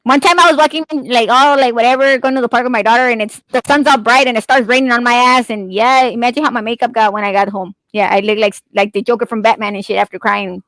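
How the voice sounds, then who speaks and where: A woman with a high, bright-pitched voice, chatting casually and swearing freely as she laughs her way through stories. The sound is dry and close, with no room echo. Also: steady tone, fast, hardly any pauses. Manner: chatty, profane, laughs often. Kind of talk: casual chat.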